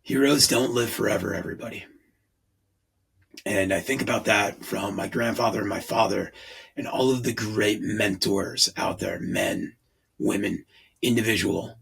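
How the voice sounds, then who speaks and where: A man's voice: on the low side, expressive, moderate pace, vocal fry, fairly bright tone, breathy edge, rough recording. A man in his forties hosting a podcast, talking in an earnest, rambling way. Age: 40s. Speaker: podcast host. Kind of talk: casual podcast monologue.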